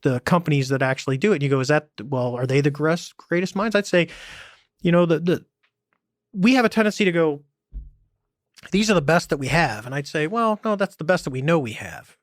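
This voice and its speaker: With a fairly quick, higher voice, the man, a former navy pilot, guests on a podcast and speaks plainly and casually. His stories are lively, complete with acted-out quotes. Studio quality, no room sound.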